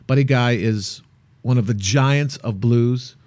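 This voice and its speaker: A man co-hosting a travel show, chatting casually and telling an animated, playful anecdote. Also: mid-range voice, slow pace, dry recording. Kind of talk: casual chat.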